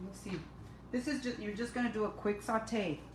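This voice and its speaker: A woman's voice: mid-range voice, moderate pace. A middle-aged woman hosting a casual live cooking class from her home kitchen, chatting with viewers by name and teasing herself. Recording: echoey room, mic at a distance, noisy.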